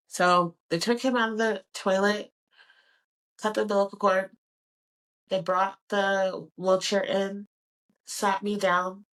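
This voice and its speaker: A young woman in her twenties hosting a podcast, telling a personal story in a candid, animated way and acting out the dialogue. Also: lowish voice, far from the mic, low-quality recording. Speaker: podcast host.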